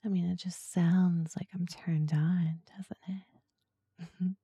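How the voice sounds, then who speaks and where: A woman hosting a podcast in a soft, breathy, slow and seductive ASMR-style voice. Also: lowish voice, little pitch movement, dry recording. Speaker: podcast host.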